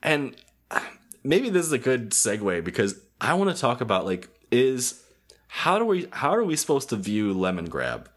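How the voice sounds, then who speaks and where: A young adult man hosting a relaxed podcast chat about a cartoon episode, hesitant with many ums and frequent laughter. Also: medium pitch, moderate pace. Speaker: podcast host. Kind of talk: casual chat.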